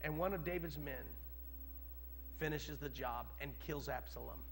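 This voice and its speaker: A man preaching a sermon, telling a story and moving from quiet narration to loud dramatic peaks. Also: on the high side, moderate pace, faint music behind. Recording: long hall reverb.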